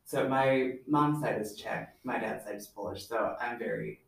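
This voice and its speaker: A young man chatting casually with a student group, relaxed, with light laughs. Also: fairly low pitch, normal speed, gravelly. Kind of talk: casual chat. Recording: very echoey room, far from mic, faint noise.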